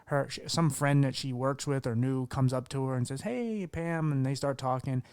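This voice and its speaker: A man's voice: mid-range voice, monotone, a little fast, darkish tone, smooth, dry recording. Candid rambling male podcast host. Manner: candid, rambling with many restarts and fillers. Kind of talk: casual conversational interview.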